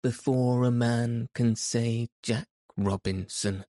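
A man voicing a jolly, portly old male merchant in an audiobook reading, calling out loudly and cheerfully. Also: fairly even intonation, slow pace, no echo, studio quality, lightly acted. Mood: jovial shouting. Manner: booming, cheerful calls.

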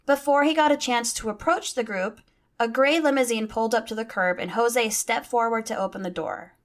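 A woman's voice: a little high, normal speed. Chatty woman telling a true-crime story. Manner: chatty, swears casually, reads out quotes. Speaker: podcast host.

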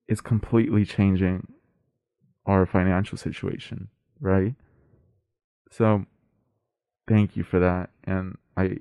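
Low, mellow young man getting emotional. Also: no room sound. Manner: earnest, emotional, choking up while thanking listeners. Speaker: podcast co-host. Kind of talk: casual heartfelt chat.

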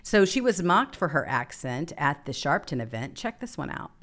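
A woman's voice: deep voice, very animated, normal speed, a bit bright. A woman hosting a political talk show, giving sarcastic, emphatic opinion commentary.

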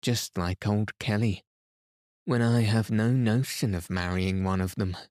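A man voicing a sharp-tongued old woman. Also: on the low side, a little slow, dry recording, clean studio sound, close to an everyday voice. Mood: scornful.

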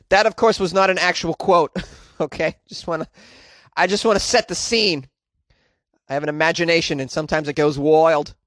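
An American man hosting comic news commentary, energetic and wisecracking, laughing at his own jokes. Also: on the high side, normal speed, dry recording, studio quality. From United States. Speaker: podcast host.

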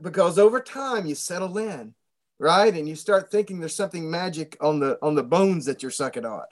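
A man's voice: on the high side, lively intonation, moderate pace. A male pastor speaking earnestly in casual conversation, often repeating his words. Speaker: pastor and guest interviewer.

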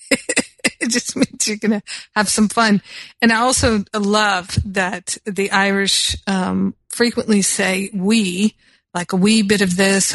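Slow, laughing woman host. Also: medium pitch, creaky, dry recording. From United States. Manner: unhurried, laughs often, fillers. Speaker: spiritual teacher and show host. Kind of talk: casual talk leading into prayer.

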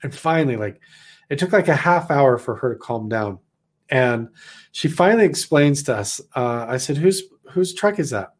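A man's voice: medium pitch, normal speed. Rambling man from Idaho telling a story. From Idaho, USA. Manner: animated, rambling, heavy on "like" fillers. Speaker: storyteller, former missionary. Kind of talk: casual personal storytelling.

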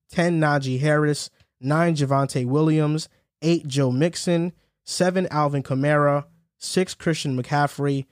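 A man's voice: fairly high pitch, darkish tone, no room sound, clean studio sound. A young man hosting a casual sports podcast, chatting with friends, telling a story through laughs and rattling off a ranked list. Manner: laughs while telling stories, reads lists quickly. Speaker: podcast host.

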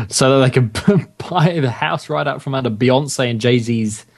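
A man's voice: medium pitch, slow, vocal fry. A man co-hosting a podcast in casual chat, sarcastic and giggly, with the odd swear word. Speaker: podcast co-host.

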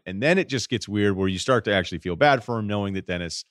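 A man co-hosting a sports podcast, telling game stories casually and dropping his voice low to mimic the people he quotes. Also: expressive, fast talker, no echo, clean studio sound. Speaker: podcast co-host.

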